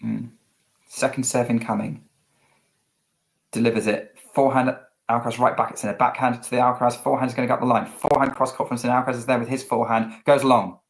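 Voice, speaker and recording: A man with a British accent co-hosting a live tennis watchalong stream, calling each point quickly and chatting between rallies. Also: medium pitch, flat delivery. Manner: rapid play-by-play calling, chatty asides. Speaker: co-host and play-by-play commentator.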